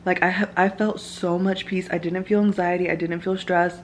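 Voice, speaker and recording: A woman's voice: lowish voice, level tone, moderate pace, a little hiss or hum. A young woman vlogging at home, telling a personal story in casual chat full of "like" fillers. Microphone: camera mic, filming herself.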